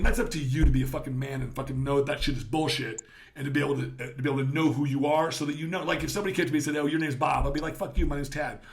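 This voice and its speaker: A middle-aged man hosting a podcast, telling stories in a casual, profane, animated way. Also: a little high. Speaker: podcast host.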